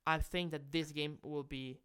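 A man with a fairly high, clean voice co-hosts a gaming podcast, chatting in a relaxed, halting way and often repeating words.

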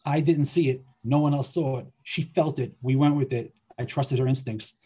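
Middle-aged filmmaker, male, mellow husky voice, thinks aloud with repeats. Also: mid-range voice, fairly even intonation, moderate pace. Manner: hesitant, repeats words while thinking aloud. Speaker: filmmaker and writer guest. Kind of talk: conversational interview.

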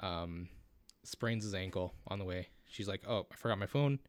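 Man, low voice, dry close sound, rambling podcast chat with lots of ums. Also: normal speed, no room sound. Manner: rambling, many fillers and restarts. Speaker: podcast co-host. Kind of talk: casual chat.

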